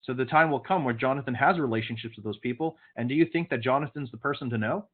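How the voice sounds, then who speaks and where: A man's voice: mid-range voice, fast. A man leading an online sales training session, coaching his group directly and sometimes sternly. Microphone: video call. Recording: phone-like video call audio.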